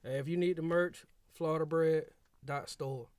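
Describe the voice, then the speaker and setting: A man's voice: a little high, fairly even intonation, normal speed, a little mellow, clean tone, no echo, clean studio sound. A man joining a casual podcast, cracking crude jokes. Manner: joking, crude humor.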